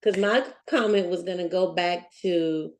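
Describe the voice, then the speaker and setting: A woman in a group discussion, working through her question out loud in a thoughtful way. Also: fairly low pitch, a little slow. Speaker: class participant.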